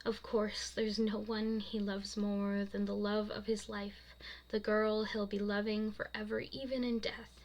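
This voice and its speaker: A young woman, the author, reading her own fiction aloud in a soft, casual way and laughing at her own slips. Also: mid-range voice, rough recording.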